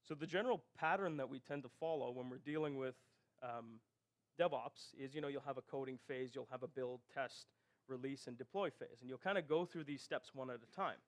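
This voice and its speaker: This conference presenter is a man with a medium-pitched voice and a brisk delivery. Walking through his technical material step by step, he often turns to the audience with rhetorical "right?" checks.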